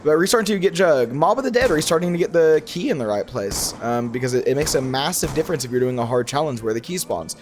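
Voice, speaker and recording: Over a noisy background, this young gaming YouTuber talks fast with a slightly high voice and hardly pauses. His casual, animated commentary on the game wanders, and he frequently corrects and restarts himself.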